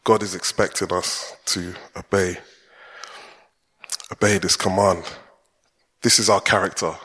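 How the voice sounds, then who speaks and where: A man's voice: sits low, fairly even intonation, unhurried, sharp tone, breathy edge. A man preaching a chatty, conversational sermon in a church and putting questions to the congregation. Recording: long church hall reverb.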